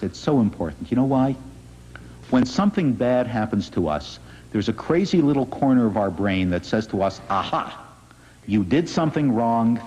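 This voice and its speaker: A man, a rabbi, giving an inspirational public talk in an earnest, gently wry storytelling manner. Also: lowish voice, slightly rough. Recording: dull lo-fi recording in a reverberant hall.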